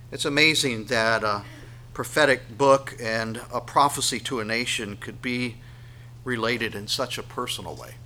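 Slow, bright-voiced preacher man. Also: mid-range voice. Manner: dramatic swings between loud and hushed delivery. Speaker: pastor. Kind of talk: sermon.

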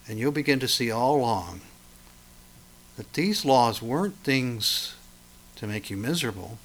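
A man preaching a sermon, swinging from loud emphatic lines to quiet, intense ones. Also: mid-range voice. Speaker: pastor.

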